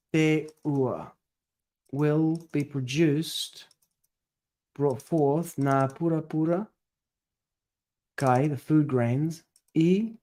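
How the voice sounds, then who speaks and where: A man's voice: fairly high pitch, darkish tone. A man working through a translation aloud, tentative and self-correcting as he muses over each word. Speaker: scripture study presenter.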